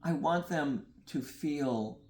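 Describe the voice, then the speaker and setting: A man's voice: on the high side, slow, a little mellow, echoey room, a little hiss or hum. A male artist talking in an interview, earnest and dreamy, often repeating phrases and laughing at himself. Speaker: artist guest. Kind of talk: reflective interview talk. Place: gallery.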